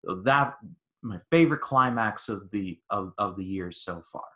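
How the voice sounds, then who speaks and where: Bright-voiced man in excited movie chat. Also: on the low side, normal speed. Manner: excited, acts out quotes with many restarts. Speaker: podcast co-host. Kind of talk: casual movie review chat.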